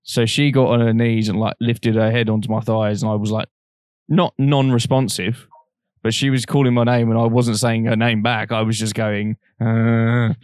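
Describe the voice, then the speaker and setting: A young man with a low-pitched voice tells a long personal story in a relaxed, frank way. He swears freely and slips into the voices of the people he quotes. The sound is dry and close, with no room echo. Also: moderate pace. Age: young adult. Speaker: podcast co-host. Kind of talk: casual storytelling chat.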